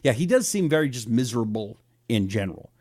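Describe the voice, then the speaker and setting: A man's voice: medium pitch, sing-song, fast talker, a little mellow. A middle-aged man hosting a live talk show, rambling casually and reading out viewer comments.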